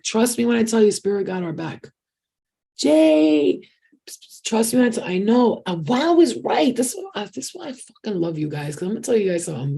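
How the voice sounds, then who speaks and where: Husky woman telling an excited story. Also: mid-range voice. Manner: excitable storytelling with frequent swearing. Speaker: tarot reader and channeler. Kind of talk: casual livestream chat.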